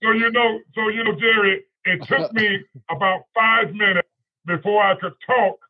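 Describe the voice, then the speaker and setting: High-voiced husky man spinning a yarn. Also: fairly even intonation, normal speed, narrow, tinny audio. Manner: rambling, full of "you know" and "right?". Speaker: guest storyteller. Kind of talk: casual anecdote on a radio talk show.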